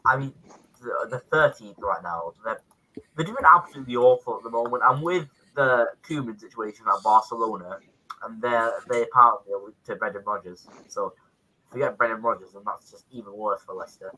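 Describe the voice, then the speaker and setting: A man's voice: mid-range voice, fairly quick, bright, forceful tone, slight background noise, poor audio. A man on a football panel, rambling casually with cheeky banter.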